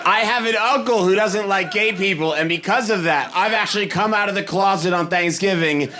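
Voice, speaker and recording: A man's voice: high voice, a little fast, noisy background. A young adult man from Boston with a Boston accent doing a stand-up comedy set, telling stories animatedly on stage and acting out other people's lines. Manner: animated storytelling, acting out voices. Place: comedy stage before a live audience.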